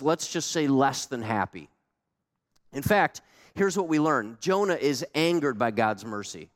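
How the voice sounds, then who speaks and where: Male pastor, lively sermon delivery with rhetorical questions; slightly high voice, echoing hall. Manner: animated, conversational, rhetorical questions.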